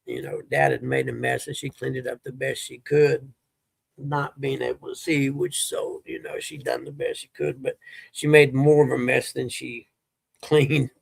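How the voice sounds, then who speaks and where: Flat in delivery and mid-range in pitch, a middle-aged man's gravelly, husky voice moves at a moderate pace in a dry recording. As a livestream host chatting casually, he rambles through laid-back stories.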